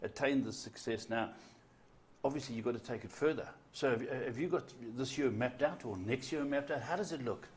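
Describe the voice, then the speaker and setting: A man's voice: medium pitch, fairly quick, a little hiss or hum. A man interviewing guests on a chat show, eager and laughing along with them.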